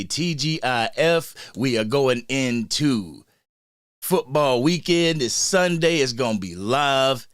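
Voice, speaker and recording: A man hosting a sports fan livestream in a casual, hyped way, shouting out people in the chat. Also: mid-range voice, dry recording, clean studio sound. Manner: hyped, shout-outs to chat, frequent slang.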